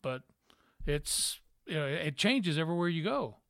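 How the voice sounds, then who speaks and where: A man from Tennessee with a trace of a Southern accent chats with a guest in a folksy, animated way. His voice is recorded close and dry, with almost no room sound. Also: a little high, normal speed, gravelly, dry recording. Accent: trained-down Southern. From Memphis, Tennessee. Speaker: podcast host, former radio broadcaster. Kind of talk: casual interview chat.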